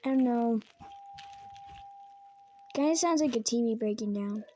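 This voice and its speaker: High-voiced woman giving offhand jokey verdicts. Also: unhurried, dark tone, a little hiss or hum. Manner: offhand, joking, blunt verdicts. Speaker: video creator rating alarm sounds. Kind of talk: casual reaction commentary.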